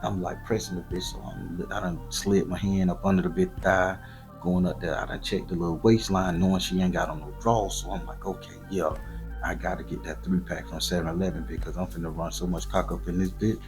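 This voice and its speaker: A man from southern Florida hosting his channel, telling a graphic, profane story in loose, slangy, animated monologue. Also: low voice, fairly quick, music in the background. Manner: profane, slangy and animated, voice jumping up for quoted lines. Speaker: storyteller host.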